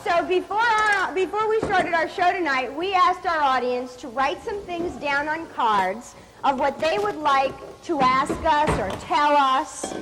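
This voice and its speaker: A woman's voice: high-pitched, noisy background. A middle-aged woman co-hosting a comedy cooking show, bantering and teasing her partner while she stirs. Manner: playful, teasing, quick comebacks. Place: TV studio kitchen with live audience.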